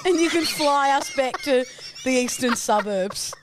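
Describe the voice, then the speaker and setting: A woman's voice: high-pitched, lively intonation, a little slow, noisy background. A woman co-hosting a podcast, chatting casually, swearing and firing off teasing comebacks. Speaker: podcast co-host. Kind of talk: casual banter.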